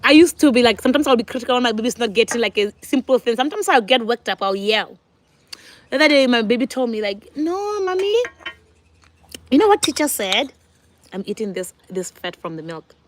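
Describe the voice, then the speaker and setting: Casting: chatty mom vlogger in her forties, high voice, loose and talkative. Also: fast. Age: 40s. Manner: chatty, talks to viewers, laughs often. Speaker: vlogger, mother. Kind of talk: casual sit-down chat.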